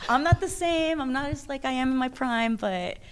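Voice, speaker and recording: A woman wrestler chatting casually in an interview, animated and quick to laugh, with lots of "like" fillers. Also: high voice. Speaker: professional wrestler, interview guest. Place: wrestling event taping venue.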